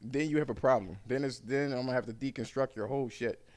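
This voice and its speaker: A man hosting a podcast, telling animated stories in casual, profane chat. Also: medium pitch, fast. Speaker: podcast host.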